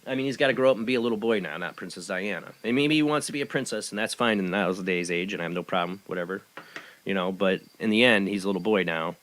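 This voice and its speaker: A man's voice: low voice, fast, fairly bright tone. A man hosting a live webcast talk show, chatting in a rambling way and reading a news article aloud. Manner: chatty and rambling, with many fillers and restarts. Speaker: host.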